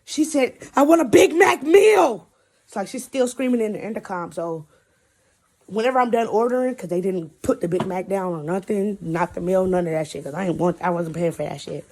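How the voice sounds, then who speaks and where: A woman's voice: fairly low pitch, brisk, darkish tone. A young woman vlogger animatedly telling a personal story, swearing and laughing as she goes. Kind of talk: casual storytime.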